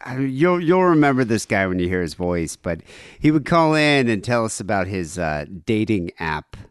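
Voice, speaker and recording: Chatty man with lively pitch. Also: moderate pace, clean tone, no room sound, clean studio sound. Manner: loose, chatty, many restarts. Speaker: podcast co-host. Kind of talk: casual chat.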